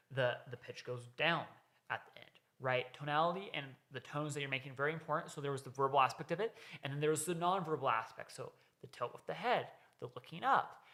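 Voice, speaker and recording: A man's voice: mid-range voice, sharp tone. A man hosting a reaction video, explaining sales techniques in casual commentary with frequent "right?" asides.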